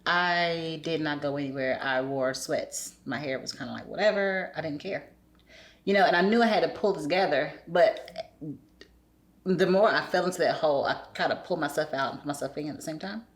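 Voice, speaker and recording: A woman's voice: low voice, brisk. A woman speaking candidly as a podcast guest, telling a personal story and acting out remembered dialogue in shifting voices.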